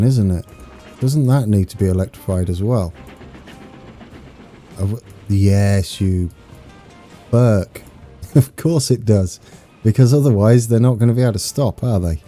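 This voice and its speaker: Excitable British man streaming a game. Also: on the low side, a little slow, long pauses, faint music behind. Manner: excitable, chatty, talks to viewers. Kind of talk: live gameplay commentary.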